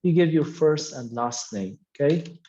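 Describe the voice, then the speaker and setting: A man's voice: on the high side, lively intonation, a little slow, mellow, highs cut off. A man teaching an English lesson, explaining patiently and repeating key words with frequent "okay" fillers. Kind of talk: classroom explanation.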